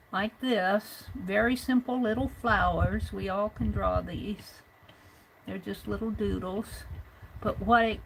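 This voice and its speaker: A woman's voice: medium pitch, vocal fry, fairly bright tone, a little hiss or hum, rough recording. A woman hosting a live drawing tutorial, chatting and thinking aloud as she narrates and counts each stroke. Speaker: art stream host.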